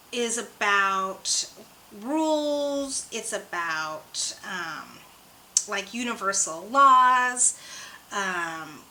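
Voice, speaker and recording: A woman's voice: medium pitch, sharp tone, slight background noise, rough recording. A young adult woman hosting her own channel, chatting casually and rambling a little in a bubbly, slightly hyper way while she reads oracle cards. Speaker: oracle card reader and channel host.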